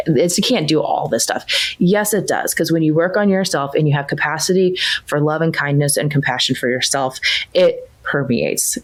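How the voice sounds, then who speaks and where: A woman in her thirties with a low, deep speaking voice tells a family story in relaxed conversation. She talks casually and gets animated, jumping way up in pitch when she quotes her kids. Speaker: coaching client sharing her story.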